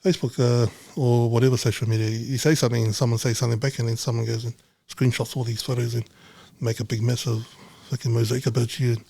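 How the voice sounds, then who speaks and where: A man's voice: medium pitch, flat delivery, quick pace, vocal fry, hardly any pauses, dark tone, breathy edge, dry recording. A middle-aged man talking bluntly in casual chat, swearing freely and rambling. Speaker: podcast guest, businessman.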